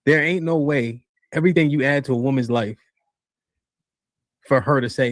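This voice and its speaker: A man's voice: mid-range voice, moderate pace, no echo, clean studio sound. A man hosting a podcast debate, pressing a guest with repeated questions and stumbling over his restarts.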